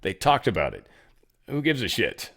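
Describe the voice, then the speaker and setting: A man's voice: mid-range voice, wildly swooping pitch, normal speed, vocal fry, a bit bright. A man hosting a show, giving rambling, sarcastic political commentary. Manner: rambling, sarcastic, mock voices. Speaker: podcast host.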